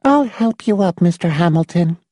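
A man's voice: high-pitched, no room sound, studio quality, pitched above the performer's own voice. A man doing a prim, cold spinster lady. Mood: coolly brisk. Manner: brisk, calmly bossy. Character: prim, cold, matter-of-fact spinster woman. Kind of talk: audiobook character voice.

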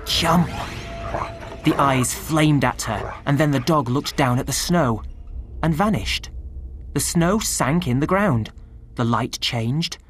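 A woman narrating a storybook in an expressive reading style, recorded close. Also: a bass voice, unhurried, soft background music. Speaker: audiobook narrator.

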